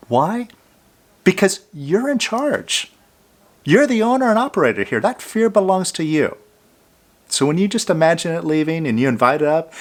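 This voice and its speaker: A man giving a calm self-help talk, coaching the listener directly and sometimes dropping to a soft, hushed voice. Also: a little high. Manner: drops to a soft near-whisper on "I love you, fear".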